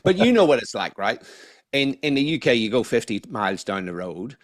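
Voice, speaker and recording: A man's voice: medium pitch, big pitch swings, fairly quick, no echo, clean studio sound. A middle-aged man with a Northern Irish accent touched by Australian vowels, telling his story candidly in a casual interview, now and then swearing. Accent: Northern Irish with a slight Australian tinge. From Northern Ireland. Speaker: guest, neuroscientist.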